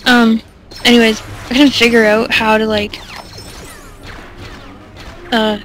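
A woman's voice: on the high side, level tone, slow, fairly bright tone, faint music behind. Rambling, giggly woman doing game commentary. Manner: rambling, self-deprecating, giggly, many fillers. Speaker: let's play commentator. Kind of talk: casual gameplay commentary.

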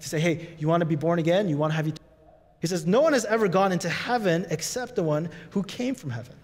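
Guy pastor preaching, high voice, big reverby church hall. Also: fast talker. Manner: animated preaching, rising to high emphatic peaks. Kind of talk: sermon.

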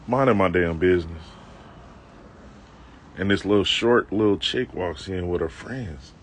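Out on a city street, with the block faintly audible and slight background noise behind him, a low-voiced man tells a comic story from his own life on a live stream. His delivery is measured, loose, slangy and self-mocking, and he breaks off for joking asides to his viewers.

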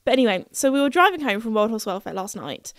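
A woman's voice: a little high, sing-song, fast talker, dry recording, studio quality. A young woman hosting a podcast, telling a story in a chatty, playful way and laughing at herself. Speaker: podcast host.

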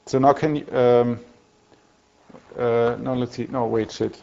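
A man's voice: mid-range voice, steady tone, unhurried, creaky, pauses often, a little mellow, muffled recording. A man giving a university lecture in a conversational way, with many restarts and fillers as he corrects himself. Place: lecture hall.

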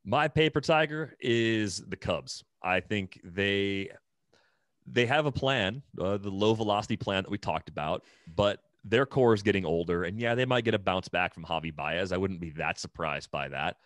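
A man's voice: deep voice, moderate pace, fairly bright tone, no room sound, clean studio sound. A man co-hosting a podcast, talking through baseball in a casual, analytical way with lots of "like" and restarts. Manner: analytical, thinks aloud with many "like" and restarts. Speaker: podcast co-host.

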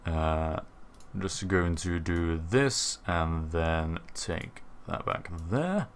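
A British man hosting a casual livestream at his desk, chatty and wry, a little worn out. His voice sits fairly low. He jokes at his own expense between tasks. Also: expressive, drawn-out words, clear, resonant tone. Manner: chatty, self-mocking, tired. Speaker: stream host.

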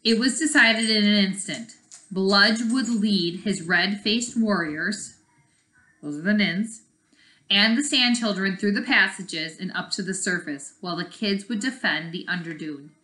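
A woman teacher reading a chapter book aloud and pausing to explain the story. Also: medium pitch, pushed and bright. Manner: explains the story as she reads. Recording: echoey room.

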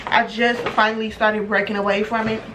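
Excitable young woman, slangy, off-mic. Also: medium pitch, a little fast. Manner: chatty, excitable, slangy, swears casually. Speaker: beauty vlogger. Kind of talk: casual unboxing chat. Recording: distant mic with background noise.

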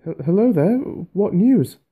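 A man voicing a small, kindly hobbit who has been hurt and shaken, speaking high and eager. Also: normal speed, narrow, tinny audio, lightly acted. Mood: dazed.

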